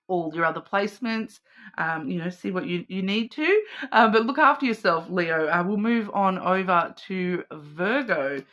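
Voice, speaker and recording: A woman with an Australian accent does a casual card reading in a low-pitched, slightly bright voice. She rambles, using many fillers and restarts.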